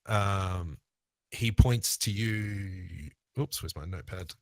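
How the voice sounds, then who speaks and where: A man with an Australian accent narrating a tabletop game as game master, relaxed and thinking aloud. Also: deep voice, slow, dry recording.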